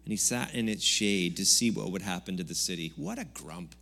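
A man with a lowish voice preaches a Sunday sermon in a relaxed, conversational way. He mixes jokes into the preaching and sometimes gets loud for emphasis. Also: fairly quick. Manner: conversational, jokey preaching with sudden loud bursts. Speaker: pastor. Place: church service.

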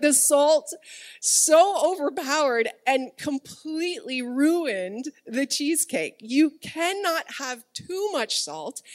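A woman preaching a streamed sermon with a somewhat high voice. She talks chattily to the congregation and the chat, breaking into laughter as she tells stories from home. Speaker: pastor. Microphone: streamed service, speaking to online chat.

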